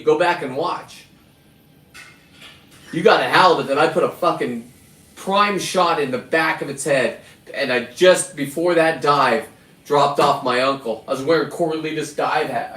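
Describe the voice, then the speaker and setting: In this casual, rambling monologue, a middle-aged host of his own videos tells a boastful story full of profanity. His voice is a little high and fairly bright, captured echoey and distant with faint ambient sound.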